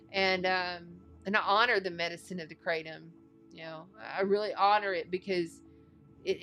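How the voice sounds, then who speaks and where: A woman reading tarot cards in a casual, chatty way, getting excited and thinking out loud as she talks. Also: mid-range voice. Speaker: astrology and tarot reader.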